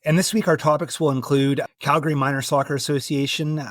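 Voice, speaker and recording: A man hosts a casual podcast on a close mic. His delivery is relaxed and hesitant, full of little fillers and restarts. The sound is dry, with no room echo at all. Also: fairly high pitch, a little fast. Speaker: podcast host.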